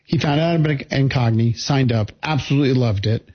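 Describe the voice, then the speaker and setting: A man co-hosting a radio show, telling a jokey quick story. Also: medium pitch, breathy edge, highs cut off. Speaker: radio co-host. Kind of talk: casual radio chat.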